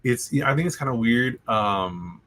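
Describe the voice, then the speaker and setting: A man's voice: mid-range voice, expressive, normal speed, bright, forceful tone. A young man hosting a student radio chat, rambling and joking and often correcting himself. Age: young adult. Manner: rambling, self-correcting, jokey. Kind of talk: casual chat.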